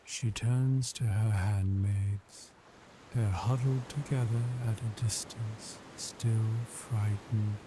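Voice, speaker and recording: A man narrating a bedtime story for sleep in a soothing, unhurried way. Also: on the low side. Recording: steady ambient background noise. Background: ambient sea sounds.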